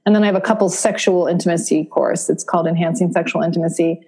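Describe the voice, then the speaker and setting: A woman from Vermont, a therapist, explaining her courses to an interviewer in a steady, explanatory way. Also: lowish voice, fast, husky. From Vermont, USA. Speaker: therapist and course creator, guest. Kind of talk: interview answers.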